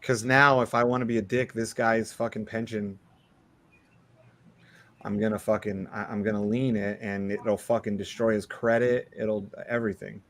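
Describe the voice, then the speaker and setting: A man's voice: fairly low pitch, normal speed. A man in casual chat, telling a story with lots of swearing and acting out what people said. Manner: profane, animated, acts out quotes.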